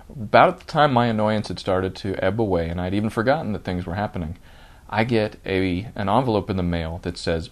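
A married man hosting his own comedy podcast, ranting with growing indignation and then settling into relaxed storytelling. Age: adult, married. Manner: indignant ranting, rising loud and high when worked up. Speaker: podcast host and stand-up comic. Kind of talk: solo comedy podcast rant.

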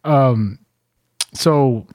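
A man's voice: mid-range voice, very slow, no room sound. A man in his forties from New York, a veteran hosting a podcast, telling stories with lots of laughter and swearing. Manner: animated storyteller, laughs often, swears freely. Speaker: podcast host, Marine veteran. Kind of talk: casual chat.

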